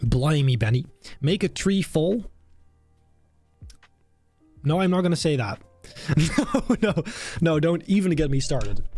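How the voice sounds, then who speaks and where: A man's voice: on the high side, sing-song, takes it slowly, pauses often, darkish tone, breathy edge, dry recording. A young British man chatting casually on a live stream as he builds, thinking aloud and poking fun at himself. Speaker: streamer building a theme park. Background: faint background music.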